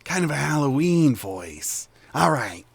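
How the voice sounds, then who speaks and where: A man game master narrating a tabletop role-playing game in a slightly high, unhurried voice. He is self-deprecating, laughs easily and thinks out loud. The sound is dry and close. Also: sing-song, vocal fry, breathy edge, no room sound.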